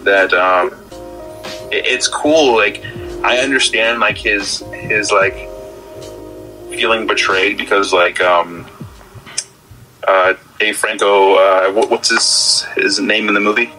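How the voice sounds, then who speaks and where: A man's voice: lowish voice, steady tone, takes it slowly, long pauses, pushed and bright, soft background music, poor audio. A man co-hosting a podcast, chatting casually about a film, rambling with lots of stammers and restarts. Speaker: podcast co-host. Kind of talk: casual film-discussion chat.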